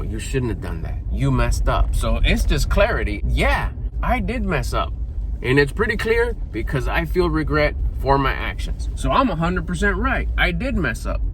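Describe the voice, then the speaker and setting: A man giving an emphatic, self-critical motivational vlog monologue in short punchy phrases. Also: mid-range voice. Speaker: vlogger, mindset coach. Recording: noisy background.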